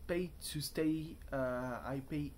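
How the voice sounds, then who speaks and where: A man's voice: a little high, slow, darkish tone, slight background noise. A young man talking to camera from a hotel room in a casual, rambling vlog, chatty and self-mocking as he wanders off on tangents. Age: young adult. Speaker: vlogger.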